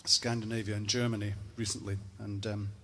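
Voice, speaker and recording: A man's voice: fairly low pitch, flat delivery, fairly quick, a bit bright, a little hiss or hum. A Scottish man telling a comic story in a wry, rambling way, with profane asides. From Scotland.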